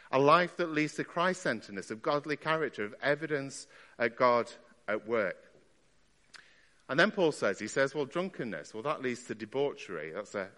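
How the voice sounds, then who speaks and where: A man's voice: medium pitch, bright, forceful tone. Male preacher, chatty sermon delivery, voice ringing in a long church reverb. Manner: conversational, asks the listeners rhetorical questions.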